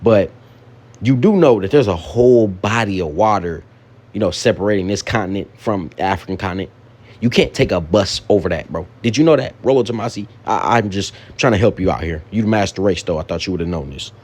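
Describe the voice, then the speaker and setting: A man's voice: low-pitched, animated, a little fast, a little mellow, husky. A man giving casual reaction commentary as a co-host, talking in slangy, mocking rants that circle back on the same points. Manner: slangy, mocking, repetitive ranting.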